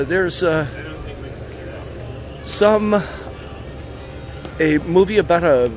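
A man hosting a podcast in a casual, rambling way with many filler uhs, partly recorded outdoors at a theme park. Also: a little high. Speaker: podcast host.

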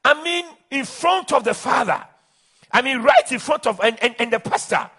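Male pastor, husky timbre, lively swooping delivery, impassioned sermon. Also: very high voice, normal speed. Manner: emphatic, impassioned preaching with restarts.

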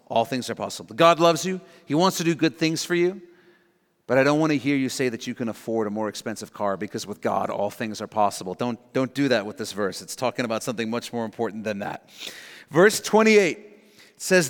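A man's voice: mid-range voice, lively intonation, brisk, long reverb tail. A man preaching a sermon as pastor, earnest and emphatic, repeating his key lines for the congregation.

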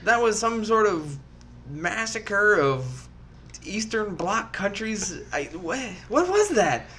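A man co-hosts a casual beer review and talks emphatically, teasing his friends. His fairly high voice swings widely in pitch, over a faint background hum. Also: big pitch swings, slow, pushed and bright. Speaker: podcast co-host. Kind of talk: casual chat.

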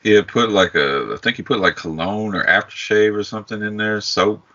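Man, podcast co-host, very deep voice, husky, wry asides, dull sound. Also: a little fast, pushed and bright. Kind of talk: casual movie chat.

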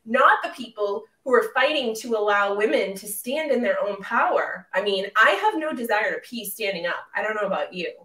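A woman podcast host who talks in an animated, opinionated way, often repeating words as she starts a point. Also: mid-range voice, moderate pace, few pauses. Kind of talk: conversational podcast interview. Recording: roomy, distant mic.

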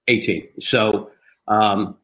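A man from a cigar company, a guest telling animated stories and acting out the dialogue. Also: on the low side, extremely slow, low-quality recording. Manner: lively storyteller who acts out quoted dialogue. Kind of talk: animated anecdotal storytelling.

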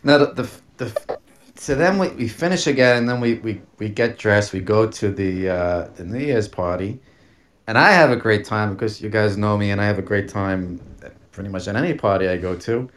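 A man's voice: on the low side, normal speed, a bit bright, slight background noise. A man telling a long personal story on a podcast, casual and rambling, with many fillers, restarts and laughs.

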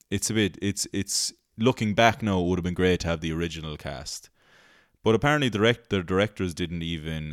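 A man's voice: low-pitched, smooth, dry recording, clean studio sound. A male podcast host rambling in casual chat, laughing easily and swearing freely.

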